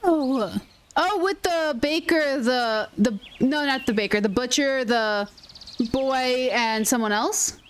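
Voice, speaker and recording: A woman's voice: sits high, slow pace. A young woman streaming a game, chatting casually with viewers in a rambling, playful way. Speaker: gaming streamer. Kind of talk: casual live-stream chat while playing. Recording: loud background noise.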